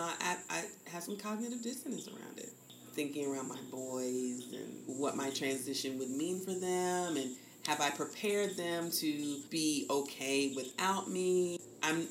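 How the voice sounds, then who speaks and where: A woman in her fifties from the American South, speaking candidly as a podcast guest and acting out the voices she quotes. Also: deep voice. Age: 50s. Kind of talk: reflective conversation. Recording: echoey room with faint noise.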